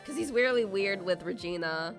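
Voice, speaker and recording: A woman's voice: medium pitch, lively intonation, moderate pace. Chatty woman streamer reacting to a game. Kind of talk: casual gameplay commentary. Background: game music.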